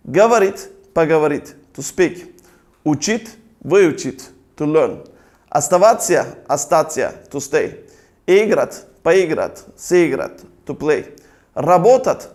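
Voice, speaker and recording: A man with a notably high voice delivers a scripted language lesson. He recites vocabulary slowly and deliberately, pausing after each word, then moves into calm, orderly grammar explanations. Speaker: language teacher.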